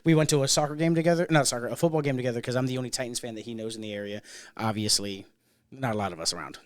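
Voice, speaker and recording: A man's voice: mid-range voice, racing, no room sound, studio quality. A man hosting a casual podcast chat, a bartender telling stories with lots of swearing and laughter. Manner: profane, laughing storyteller. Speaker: podcast host.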